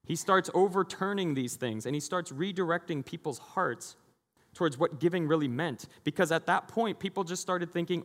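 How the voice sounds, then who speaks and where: A man preaching a lively, conversational sermon as a pastor, often acting out the voices of the people he describes. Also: a little high, normal speed. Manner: animated, acting out quoted voices. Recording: long hall reverb.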